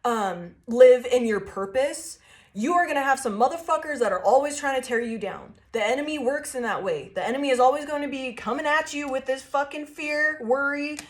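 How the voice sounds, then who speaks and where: A woman with a slightly high voice gives a tarot reading like a fired-up pep talk. She swears freely, leans hard on her emphasis and breaks into laughter often. It sounds casual and personal. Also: fairly quick. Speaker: tarot reader.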